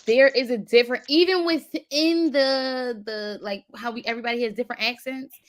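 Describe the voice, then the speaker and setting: A woman's voice: fairly high pitch, normal speed. Thoughtful Philadelphia woman chatting. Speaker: co-host. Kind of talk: casual chat.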